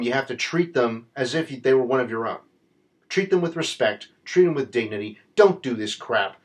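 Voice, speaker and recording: Impassioned American man commentating. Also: medium pitch. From United States. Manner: impassioned, blunt, repetitive emphasis. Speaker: political commentator. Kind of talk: opinion commentary.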